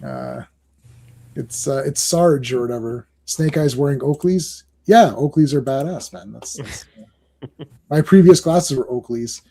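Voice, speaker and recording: A man hosting a comic book podcast in casual chat, excitable and rambling, often laughing and restarting his sentences. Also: fairly high pitch, measured pace, vocal fry.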